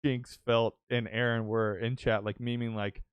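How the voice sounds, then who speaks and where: A young man hosts a casual podcast, telling a story in an excitable rush full of swearing and false starts. His voice sits at a middling pitch. The recording is dry, with no room echo. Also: normal speed, smooth, dull audio. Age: young adult. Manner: excitable storytelling, swears often, many restarts. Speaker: podcast host and streamer. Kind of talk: casual chat.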